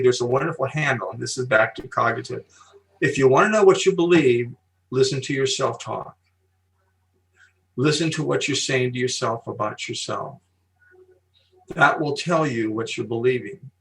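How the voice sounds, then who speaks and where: An older man, a guest speaker on psychology, telling stories and explaining ideas slowly and emphatically in an interview. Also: mid-range voice, gravelly, fairly bright tone, recorded from a distance, rough recording. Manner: emphatic, slow deliberate pauses, storytelling. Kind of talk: podcast interview.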